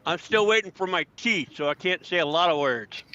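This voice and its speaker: A man's voice: high voice, expressive, brisk, pushed and bright. A man co-hosting a casual podcast, rambling and trailing off with lots of ums. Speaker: podcast co-host. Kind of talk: casual chat. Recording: dull lo-fi sound.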